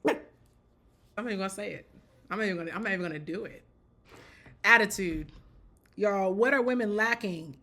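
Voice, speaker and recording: A woman's voice: mid-range voice, normal speed, long pauses, bright, forceful tone. A woman giving casual spoken commentary in a blunt, joking way, often repeating herself and breaking into laughter. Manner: repeats and restarts phrases.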